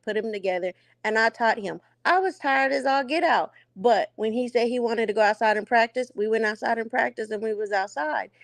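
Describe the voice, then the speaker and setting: A woman's voice: mid-range voice, no echo. A woman in a casual chat, speaking, telling a long story and acting out past conversations. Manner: talks at length, acts out past conversations.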